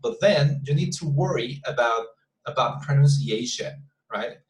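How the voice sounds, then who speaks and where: A male English teacher with a Spanish accent, a Spanish speaker, leading an online class in a halting way, with many repeated words and fillers. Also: medium pitch, lively intonation, reverberant, rough recording.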